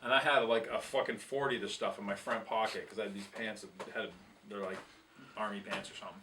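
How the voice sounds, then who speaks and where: A man's voice: fairly low pitch, fairly even intonation, fast, recorded from a distance, noisy background. A man telling a long, rambling, profane tour story in casual chat, laughing at himself as he goes. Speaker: guest musician telling tour stories.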